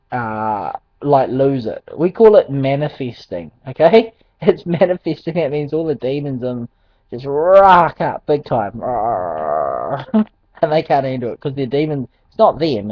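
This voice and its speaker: A man tells a personal faith testimony, hesitating often with ums and restarts and chuckling as he goes. His mid-pitched voice sits in a dry, close space. The recording is dull and lo-fi. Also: no echo. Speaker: Christian testimony speaker. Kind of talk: casual spoken testimony.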